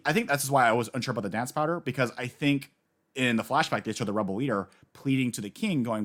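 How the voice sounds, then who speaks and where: Excitable man recapping a story. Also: mid-range voice, fast. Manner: excitable storyteller, acts out quoted characters. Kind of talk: casual manga discussion.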